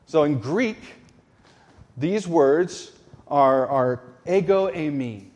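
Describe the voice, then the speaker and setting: Male pastor delivering a sermon; unhurried, deliberate and emphatic, in a slightly high voice. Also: animated, a little mellow, in a large hall. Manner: slow, deliberate preaching with emphatic repetition.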